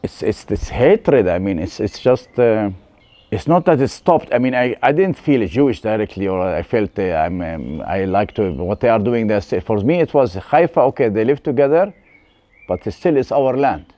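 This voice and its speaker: A man with an Arabic accent, a guest telling his life story in halting English with many restarts. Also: fairly low pitch, lively intonation, dark tone, no room sound. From West Bank. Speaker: interview guest.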